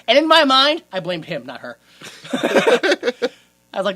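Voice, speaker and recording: Male podcast co-host, bright and sharp-toned, crude and laughing through a casual movie rant. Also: extremely high pitch, huge pitch swings, measured pace, pauses often. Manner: crude, joking, laughs often while retelling scenes.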